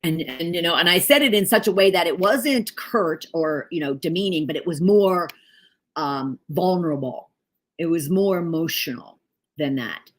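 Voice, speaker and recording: Middle-aged woman, low register; candid storyteller, loose and unscripted. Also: moderate pace. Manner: candid, storytelling with frequent fillers and self-corrections. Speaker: leadership coach and author. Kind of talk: casual storytelling monologue.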